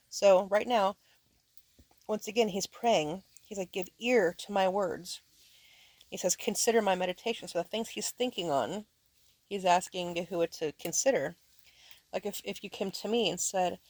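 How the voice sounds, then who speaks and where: A woman's voice: medium pitch, normal speed, a little mellow, dry recording. A woman teaching her sons scripture at home, reading verses aloud and explaining them plainly, often checking whether they understand.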